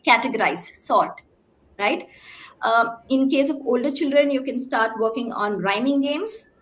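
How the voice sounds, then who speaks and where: A woman's voice: a little high, measured pace, slight background noise. Woman speech therapist, emphatic teaching talk. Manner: clear, emphatic teaching with frequent "right?" check-ins; asks the audience questions. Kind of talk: talk to parents.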